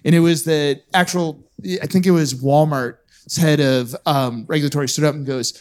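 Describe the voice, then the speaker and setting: A man's voice: on the high side, fairly even intonation, moderate pace. A man speaking bluntly and jokingly on a live podcast panel at a conference, throwing out provocative hot takes.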